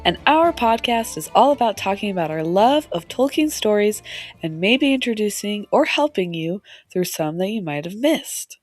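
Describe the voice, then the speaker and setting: A woman in her thirties co-hosting a podcast, hoarse and raspy from laryngitis, telling stories with lots of laughter. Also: mid-range voice, moderate pace, faint music behind. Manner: laughing, animated storyteller. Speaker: podcast co-host. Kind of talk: casual chat.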